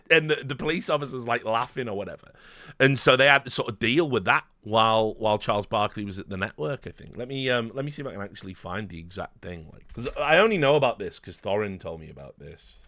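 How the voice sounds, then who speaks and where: A man's voice: on the low side, bright, forceful tone, no room sound, studio quality. A man telling a story casually, rambling, swearing often and laughing. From Britain. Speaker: streamer host.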